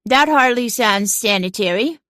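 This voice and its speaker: A woman voicing a haughty, sharp-tongued female cat in a storybook reading, cool and disdainful. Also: lowish voice, moderate pace, no echo, studio quality, close to an everyday voice.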